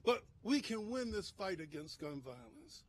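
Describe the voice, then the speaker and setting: High-voiced impassioned male minister. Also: big pitch swings, a little slow. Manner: impassioned, rising to shouts and dropping low. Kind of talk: emotional speech at a press conference. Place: outdoors at a press conference.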